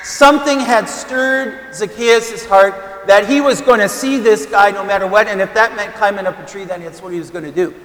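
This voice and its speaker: A high-pitched man preaches a homily in a loose, conversational way, leaning on fillers and repeating his key points for emphasis. The recording is roomy, with the long reverb of a church hall. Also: moderate pace, few pauses, a bit bright. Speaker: Catholic priest.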